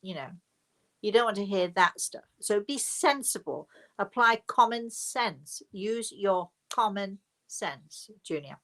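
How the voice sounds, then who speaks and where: Older woman host, mid-pitched, rambling live Q&A chat. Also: expressive, slow pace, a bit bright. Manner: chatty, digressive, trailing into asides. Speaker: host, spiritual medium. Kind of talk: live question-and-answer talk.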